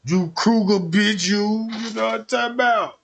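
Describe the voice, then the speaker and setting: Streamer guy, high voice, telling a raunchy story, swears a lot, keeps going "know what i mean". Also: normal speed, creaky, fairly bright tone, slight background noise. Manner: profane, rambling, keeps asking listeners if they follow. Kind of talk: crude comedic storytelling.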